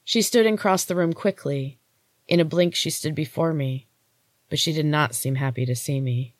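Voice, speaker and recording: A woman host reading a first-person story in a steady, unhurried way. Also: sits low, dry recording, studio quality. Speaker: podcast host and story reader.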